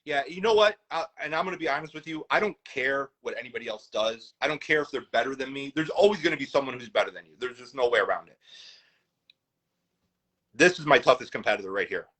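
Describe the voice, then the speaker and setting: Upbeat man from Chicago, bright tone. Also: mid-range voice, fast talker, poor audio. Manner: eager and upbeat, many "you know" fillers. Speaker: guest, food business owner. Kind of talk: casual chat.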